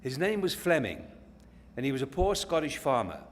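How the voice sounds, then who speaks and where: A man's voice: medium pitch, sing-song, moderate pace. A man with an English accent tells a long story to an audience at a company event, rambling and restarting his sentences. His voice carries a long echo from a big hall. A faint noise sits under it. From England.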